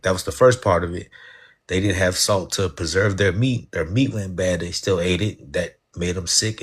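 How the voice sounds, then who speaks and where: Deep husky dude laying out his point real laid back. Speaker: participant in a live discussion. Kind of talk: casual chat.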